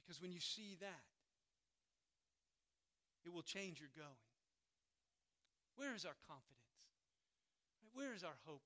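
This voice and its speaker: A male pastor delivering a sermon with a high, bright voice. He is emphatic and pushes key words out loudly before dropping back to a quieter tone. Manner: emphatic, swells loud on key words then drops quiet.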